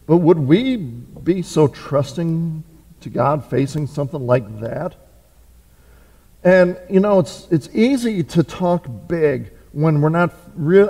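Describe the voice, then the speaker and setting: A man's voice: on the high side, dark tone. A man preaching a conversational sermon, full of fillers, restarts and rhetorical questions. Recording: reverberant hall.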